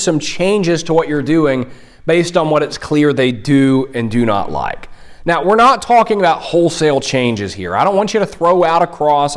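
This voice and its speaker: A young man who coaches mock trial, giving direct-to-camera advice in an earnest, conversational way. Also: fairly high pitch.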